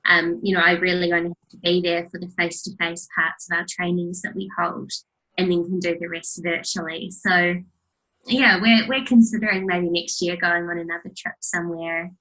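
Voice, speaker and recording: A young woman speaks in a bright, forceful tone that sits fairly low. She talks earnestly and motivationally as an interview guest, with plenty of "you know" fillers. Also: steady tone, normal speed, rough recording. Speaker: guest, master coach. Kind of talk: casual interview chat over video call.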